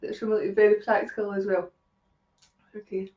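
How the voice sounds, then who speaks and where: A woman's voice: mid-range voice, flat delivery, fairly quick, reverberant, muffled recording. A woman with a Scottish accent doing live psychic readings on a stream, chatting and laughing with viewers by name. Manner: chatty, laughs often, talks to commenters by name. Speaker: psychic medium.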